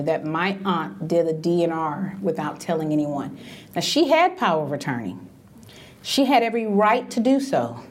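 A woman's voice: medium pitch, a little mellow. A middle-aged woman telling stories about grief and end-of-life care, emphatic and acting out the voices she quotes. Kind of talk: animated storytelling talk.

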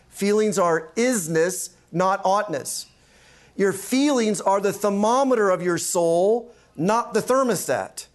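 A man's voice: high-pitched, slow pace. A man, a pastor and counseling instructor, giving an emphatic teaching lecture and often checking in with "right?". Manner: emphatic, repeats key points, asks "right?".

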